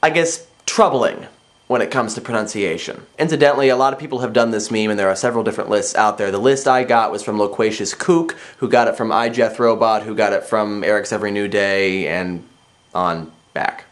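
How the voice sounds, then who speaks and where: A man in his twenties from the Midwest with a Northwest Ohio accent, talking casually in a vlog and reading single words aloud in a plain, deliberate way. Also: on the low side, fairly even intonation. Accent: Northwest Ohio, Midwestern American. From American Midwest. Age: 20s. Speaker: vlogger.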